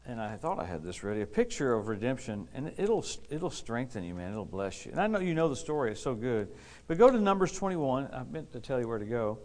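A man preaching a lively sermon to a responding congregation, exuberant, laughing often and repeating key phrases for emphasis. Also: mid-range voice, fairly quick. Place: church service with a responding congregation.

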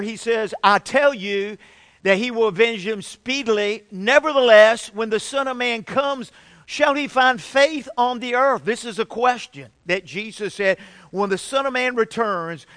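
A man's voice: high voice, a bit bright, no room sound. A middle-aged male pastor preaching a sermon, building emphasis and calling out for amens from the congregation.

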